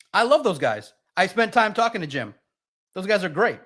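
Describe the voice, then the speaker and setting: A man's voice: high-pitched, very animated, brisk, a bit bright. A man hosting a live sports podcast, ranting bluntly and emotionally about a team's loss while reading viewer comments.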